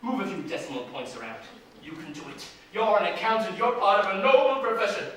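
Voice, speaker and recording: A man's voice: sits high, very animated, fast, fairly bright tone. A man playing a brash, scheming, washed-up male Broadway producer, pushy and theatrical in stage comedy style. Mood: wheedling. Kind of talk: stage musical comedy acting. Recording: echoey stage sound from far off, faint noise.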